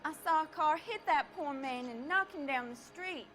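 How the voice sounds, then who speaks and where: A woman playing a polite, high-voiced witness. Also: normal speed, over music, natural voice. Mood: earnest. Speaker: witness in a crime game.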